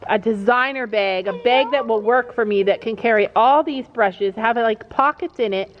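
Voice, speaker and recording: Brief: rambling mom vlogger at the barn, slightly high voice, muffled lo-fi sound. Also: female voice, moderate pace. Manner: chatty, rambling, lots of fillers. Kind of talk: casual vlog chat. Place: horse barn. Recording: dull lo-fi camera audio.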